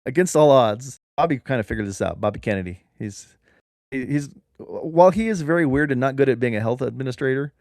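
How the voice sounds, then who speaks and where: A man co-hosting a comedy podcast, rambling through an absurd improvised story in a deadpan way. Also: mid-range voice, fairly quick, creaky, dry recording, studio quality. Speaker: podcast co-host.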